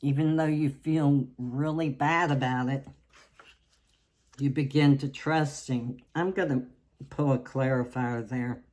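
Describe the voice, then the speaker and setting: A woman from the South, giving a tarot reading in a slow, halting way with many restarts. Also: extremely low pitch, fairly even intonation, darkish tone. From Southern United States. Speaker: tarot reader.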